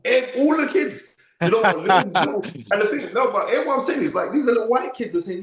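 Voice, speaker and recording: A man of fifty with a London accent, telling stories as a podcast guest in an emphatic, animated way. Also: sits high, fast talker. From United Kingdom. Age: 50s. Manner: emphatic, acts out quoted voices, frequent "you know what I mean". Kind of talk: animated interview storytelling. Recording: echoey room.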